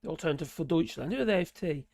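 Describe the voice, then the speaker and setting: Hoarse, gravelly Norfolk man chatting. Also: fairly high pitch, lively intonation, very fast, darkish tone, no echo. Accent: Norfolk English. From Norfolk, England. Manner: rambling, chatty, muttering asides. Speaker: livestream host reading chat. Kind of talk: casual live-stream chat.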